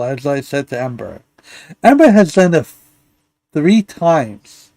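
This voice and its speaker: A man's voice: on the high side, big pitch swings, unhurried, dark tone, no echo. A man hosting a live commentary stream, ranting in a profane, insulting way and stumbling over restarts. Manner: angry, insulting, stammers and restarts. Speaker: livestream commentary host.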